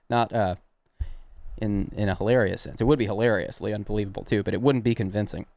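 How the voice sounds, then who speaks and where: This young man hosting a prank-call livestream has a lowish, slightly mellow voice with a steady tone, and he speaks fairly quickly. His Southern American accent comes through as he rambles and chuckles in casual chat with viewers, with no room sound behind him.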